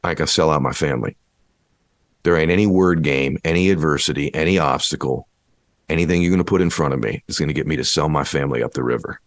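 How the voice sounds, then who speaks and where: A man giving a motivational speech, preachy and building to impassioned shouting. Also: rumbling low, fast talker, no room sound, studio quality. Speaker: motivational speaker.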